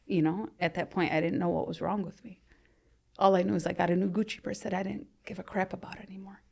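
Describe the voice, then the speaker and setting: A woman's voice: fairly low pitch, fairly even intonation, quick pace, creaky. A woman in her thirties telling her own story as a podcast guest, chatty and full of "you know", her sentences often fading to a near-whisper. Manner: conversational, frequent "you know", trails off softly to near-whisper. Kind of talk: candid personal storytelling in interview.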